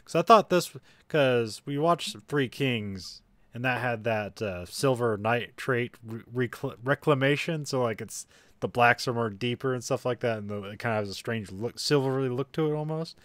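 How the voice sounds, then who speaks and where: A man co-hosting a podcast, chatting casually about a movie, often halting and laughing. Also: medium pitch, fairly bright tone, no room sound. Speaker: podcast co-host.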